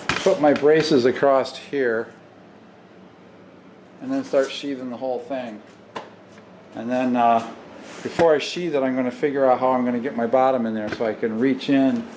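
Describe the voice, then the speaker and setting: A man's voice: medium pitch, darkish tone. A man talking casually to the camera as he builds in his workshop, half muttering to himself as he works. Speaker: DIY workshop host. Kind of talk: casual talk while working. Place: workshop, indoors. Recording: echoey workshop, far mic, tool noise.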